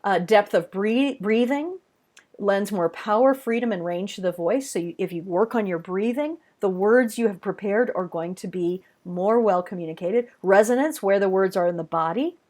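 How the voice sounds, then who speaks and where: A woman's voice: medium pitch, moderate pace, darkish tone. A woman teaching worship design in a webinar, talking casually and emphatically, stretching key words and speaking straight to her listeners. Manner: conversational, addressing listeners directly.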